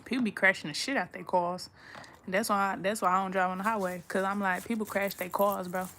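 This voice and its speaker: A young Texan woman vlogs from her room at home, chatting to the camera in a blunt, profane, rambling way. Her medium-pitched voice is steady, fairly bright, and a little fast. There's a slight hiss or hum on the recording.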